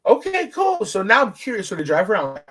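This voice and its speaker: Animated, high-pitched man telling stories. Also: brisk. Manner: animated, profane storytelling with big pitch swings. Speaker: podcast host. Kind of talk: casual podcast chat.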